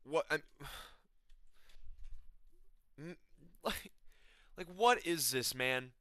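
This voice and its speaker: Young man, exasperated MMA rant, swearing, bright crisp voice, dry close sound. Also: a little high, expressive, extremely slow, no echo. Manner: exasperated, swearing, repeating himself. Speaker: MMA commentator. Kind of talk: emotional rant. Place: his apartment.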